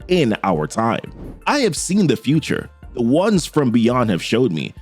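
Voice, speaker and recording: A man voicing a solemn, ominous female cult matron who speaks in slow, grave pronouncements, lower than his usual voice. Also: darkish tone.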